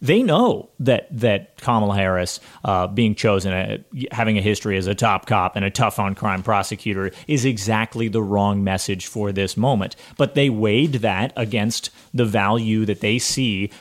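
A man's voice: on the low side, normal speed, few pauses. A man co-hosting a political talk show, sarcastic and argumentative in his rebuttals. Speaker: co-host.

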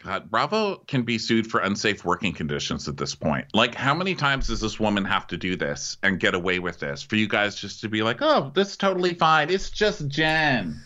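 A man's voice: lowish voice, very animated, brisk, hardly any pauses, bright, forceful tone, muffled recording. A man co-hosting a podcast, telling the story emphatically and with exasperation in casual chat. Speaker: podcast co-host.

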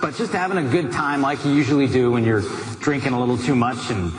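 A man giving a motivational talk, telling a personal story in a lively, conversational way with asides to the listener. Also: mid-range voice, fast, over a noisy crowd. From United States. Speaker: motivational speaker. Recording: echoey hall with background noise.

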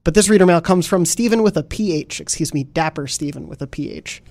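A man hosting a podcast, talking quickly in a fairly high voice and keeping things moving. His voice comes across dry and close to the mic, with no room sound. He sounds upbeat as he reads listener mail. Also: creaky, a little mellow, dry recording. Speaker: podcast host. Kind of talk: casual podcast chat.

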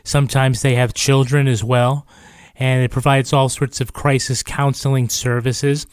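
A man co-hosting a true crime podcast, speaking haltingly with many pauses and fillers. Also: mid-range voice, little pitch movement, clean tone, no echo, clean studio sound. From New Hampshire. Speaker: podcast co-host. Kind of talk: casual podcast chat.

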